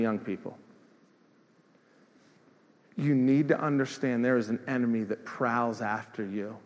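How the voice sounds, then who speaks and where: Middle-aged male pastor, sermon delivery with call-and-response, echoing church hall. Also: mid-range voice. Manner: preaching with call-and-response asides to the congregation; repeats words and restarts, swings between loud declarations and quieter storytelling. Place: large church sanctuary. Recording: long hall reverb in a church.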